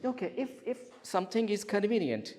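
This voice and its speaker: Male classroom teacher, lively high voice, clear questions, drills word stress. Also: fairly quick. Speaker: English teacher.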